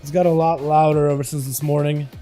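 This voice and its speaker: A young male streamer casts game duels in a raised, lively register, his voice hoarse and rough tonight. His tone is mellow and dark, and he hypes every play and banters with chat. Faint music plays quietly behind him. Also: on the high side, quick pace. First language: Russian. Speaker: livestream host casting game duels. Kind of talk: casual livestream commentary.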